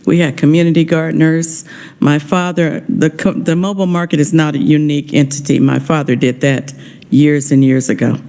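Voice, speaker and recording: A woman's voice: sits low, little pitch movement, normal speed, mellow. A woman speaking as an honoree at a legislative committee hearing, heartfelt and grateful, a little emotional. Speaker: honoree testifying.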